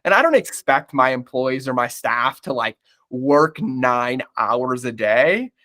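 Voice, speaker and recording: A man's voice: medium pitch, lively intonation, takes it slowly, sharp tone. Blunt, swearing man on a podcast. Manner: blunt, swears often, emphatic; calls the listener "bro". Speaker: podcast guest, entrepreneur. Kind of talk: candid podcast conversation.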